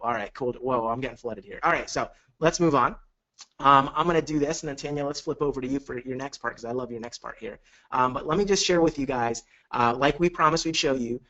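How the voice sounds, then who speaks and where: A man's voice: mid-range voice, a bit bright, dull audio. A man coaching on a live webinar, talking with energy and acting out quoted phone calls. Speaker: network marketing coach.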